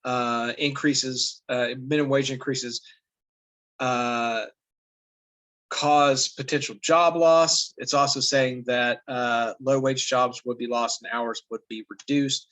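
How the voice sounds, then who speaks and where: A man's voice: mid-range voice, level tone, slow pace, a bit bright, low-quality recording. A man teaching a class, reading passages aloud and explaining them casually with many fillers. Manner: thinks aloud with fillers, reads passages then comments.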